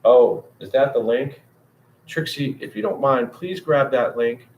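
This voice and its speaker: A man's voice: medium pitch, measured pace, muffled recording. A man hosting a casual livestream, rambling, swearing and talking to his viewers by name. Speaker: livestream host.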